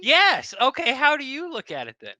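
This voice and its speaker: A man's voice: extremely high pitch, wildly swooping pitch, fast, sharp tone, no room sound. A man co-hosting a sports fan podcast, teasing his partner in casual banter. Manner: teasing, banters and laughs often. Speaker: podcast co-host. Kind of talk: casual chat.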